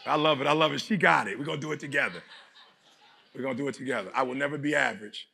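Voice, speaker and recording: A man's voice: medium pitch, very fast, vocal fry, sharp tone, a little hiss or hum. A man from Detroit giving a motivational speech to a live audience, preaching in emphatic, repetitive bursts and leading call-and-response. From Detroit, USA. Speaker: motivational speaker. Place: live conference hall with audience.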